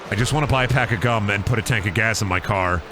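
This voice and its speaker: A man's voice: fairly low pitch, fast, over music, close to an everyday voice. A man doing a swaggering hillbilly wrestler. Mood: boastful. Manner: drawling, boastful, calls everyone brother.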